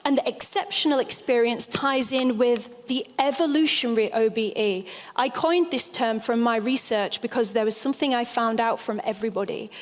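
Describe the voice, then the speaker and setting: A woman speaks from a stage in an animated storytelling manner, leaning hard on key phrases. Her voice sits a little high. The sound rings with the long reverb of a large hall. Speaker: speaker giving a stage talk. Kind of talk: storytelling lecture.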